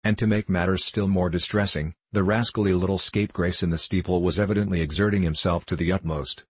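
Low-voiced man narrating a comic tale, theatrical delivery, husky tone, dry close sound. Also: quick pace, no echo. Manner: theatrical, lively comic reading. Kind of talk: scripted storybook narration.

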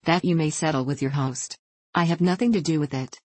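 Woman voicing a sharp-tongued young woman. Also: low-pitched, fairly quick, dry recording. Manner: sharp and cutting. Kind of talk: audiobook reading.

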